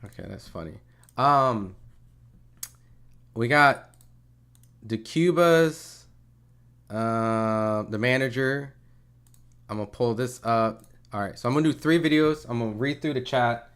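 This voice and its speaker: A man's voice: medium pitch, measured pace, long pauses, a bit bright, smooth. Laid-back man hosting a live stream. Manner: loose, casual, swears freely. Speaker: live commentary host. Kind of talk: casual live-stream commentary.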